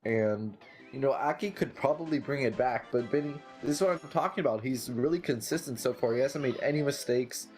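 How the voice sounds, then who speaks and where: A man's voice: mid-range voice, brisk, few pauses. Guy casually commentating a speedrun race, chill and rambly, light music behind. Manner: relaxed, lots of filler "like" and "you know".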